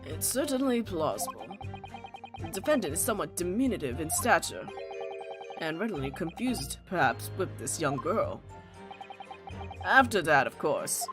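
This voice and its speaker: A woman voicing a haughty aristocratic male prosecutor in a game, speaking in a cold, formal, measured way. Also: fairly low pitch, very animated, music in the background.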